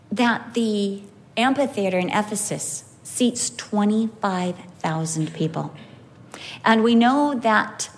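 A woman preaching a storytelling sermon, animated with wide pitch swings and slow, emphatic phrasing.

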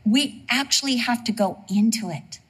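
A woman preaching a sermon in a lively, humorous storytelling way. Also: fairly high pitch, normal speed, husky.

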